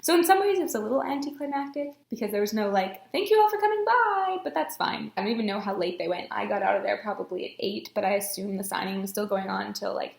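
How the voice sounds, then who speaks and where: A woman's voice: mid-range voice, vocal fry, roomy sound. A young woman telling a story in a casual vlog, bubbly and giggly, often poking fun at herself. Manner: bubbly, giggly, self-mocking. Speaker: book vlogger.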